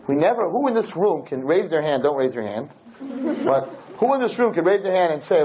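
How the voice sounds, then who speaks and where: Man, lecturer, animated, playful, rhetorical, wide-ranging pitch, dull lo-fi recording. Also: a little fast, a little hiss or hum. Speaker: Torah lecturer. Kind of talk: lecture to a live audience.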